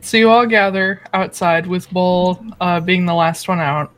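A woman's voice: lowish voice, unhurried. A woman running a tabletop game as game master, narrating scenes and bantering playfully with her players. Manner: laughs often, playful banter.

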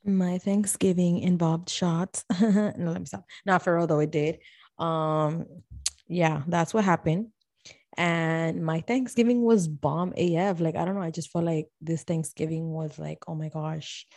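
A young woman co-hosting a casual chat podcast, loud, playful and full of slang, often laughing. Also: on the low side, fairly even intonation, unhurried, no room sound. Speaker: podcast co-host.

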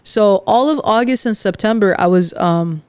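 A woman hosting her own podcast, talking earnestly and confessionally, with frequent pauses and fillers. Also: mid-range voice, a little mellow, smooth, no room sound. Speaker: podcast host. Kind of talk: candid personal podcast monologue.

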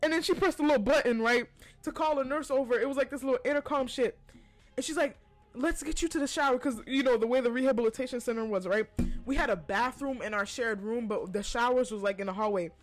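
A woman with a high voice tells a personal story to her podcast listeners. She talks casually and curses freely, often laughing between lines. Faint music plays behind her. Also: fast. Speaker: podcast host.

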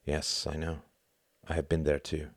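A man voicing a calm, worldly older bachelor friend who speaks in a measured, wry way. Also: extremely low pitch, no echo, studio quality.

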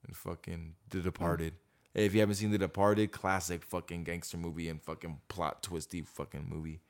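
A man co-hosting a podcast, chatting loosely with heavy swearing and animated bursts. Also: deep voice, fairly quick. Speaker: podcast co-host. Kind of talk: casual chat.

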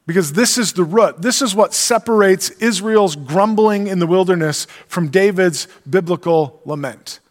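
A man's voice: high-pitched, normal speed, hardly any pauses. A man preaching a sermon, reading scripture aloud and teaching in an earnest, emphatic way. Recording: long reverb of a large hall.

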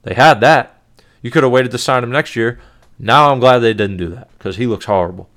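A man's voice: mid-range voice, fairly quick, a bit bright. A man hosting a casual sports talk show, chatty and blunt, laughing often as he gives his picks. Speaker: podcast host.

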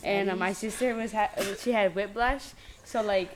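A young woman guest telling a funny story in a relaxed way and building to the punchline. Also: mid-range voice, normal speed, noisy background. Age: young adult. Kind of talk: casual chat.

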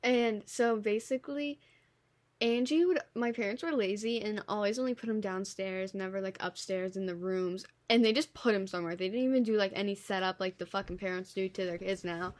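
A woman's voice: medium pitch, brisk, a little mellow. A young woman co-hosting a casual chat, telling a childhood memory in a laid-back, swearing way. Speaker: co-host.

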